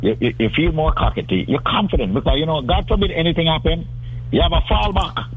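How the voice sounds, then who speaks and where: A man, a radio guest who pitches his services in a persuasive, salesman-like way. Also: expressive, quick pace. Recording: tinny phone line with faint noise.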